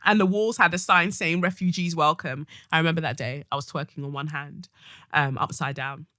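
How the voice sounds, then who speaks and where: A woman's voice: deep voice, fairly even intonation, brisk, pushed and bright, no room sound, studio quality. A woman hosting a solo podcast, reading a listener's letter and talking bluntly and passionately, with comic rants. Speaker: podcast host.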